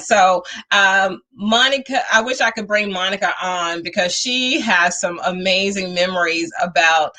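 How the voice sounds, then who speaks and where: A woman's voice: medium pitch, a little slow, few pauses, bright, forceful tone. A woman hosting a talk show, chatting upbeat and motivational to her livestream viewers while she waits for a guest.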